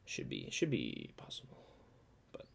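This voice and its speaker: A singer-songwriter talks casually between songs, speaking a little slowly into his own studio microphone while wearing headphones. He rambles, corrects himself, and trails off into mumbled asides. He's indoors in a dry-sounding room with acoustic guitar and noise in the background.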